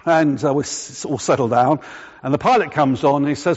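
A man preaching, telling a chatty anecdote and then slowing down to press home his points. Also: on the high side, darkish tone. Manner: chatty storytelling, slowing to deliberate emphasis. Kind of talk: sermon with a personal anecdote. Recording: echoey hall, dull lo-fi sound.

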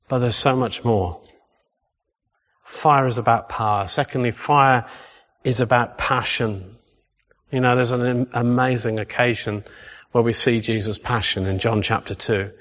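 A man's voice: mid-range voice, fairly bright tone. A man preaching a sermon, emphatic and full of rhetorical questions. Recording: echoey hall, slightly dull sound.

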